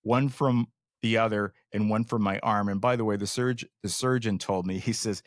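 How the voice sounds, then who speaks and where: An older man with a Canadian accent co-hosting a casual podcast, talking in a halting, good-humoured way with many restarts. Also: on the low side, steady tone, no echo, studio quality. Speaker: podcast co-host. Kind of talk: casual chat.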